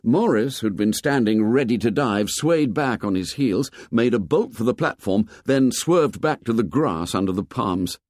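A man with a mid-range voice narrates a novel for an audiobook, measured and expressive in his storytelling. The recording is dry and sounds clean, as if made in a studio.

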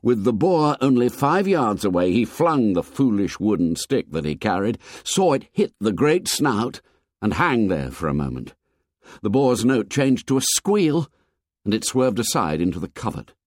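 Male narrator, lively pitch, dry booth sound, audiobook reading. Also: no room sound. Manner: measured, expressive storytelling.

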